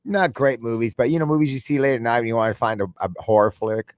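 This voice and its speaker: A man co-hosting a casual chat, joking and throwing in quick remarks. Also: mid-range voice, no room sound, studio quality. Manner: joking banter, quick interjections. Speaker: podcast co-host.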